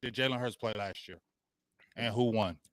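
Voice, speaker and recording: A man co-hosting a sports podcast who needles his rival while insisting he is staying calm. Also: on the low side, normal speed, no room sound. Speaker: podcast co-host. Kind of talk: sports debate.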